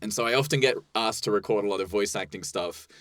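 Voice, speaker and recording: A man's voice: on the low side, quick pace, a bit bright, dry recording. Chatty man with a dry, close sound. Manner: rambling, laughs often. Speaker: improv comedian and podcast co-host. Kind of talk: casual comedic chat.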